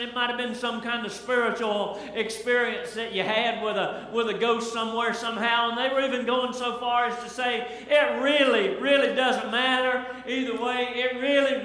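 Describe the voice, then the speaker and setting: Brief: fervent preacher, high and bright, big echoey sanctuary. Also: male voice. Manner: fervent, emphatic preaching with rising exclamations. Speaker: pastor. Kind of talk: sermon. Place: church sanctuary. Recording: echoey church hall with long reverb.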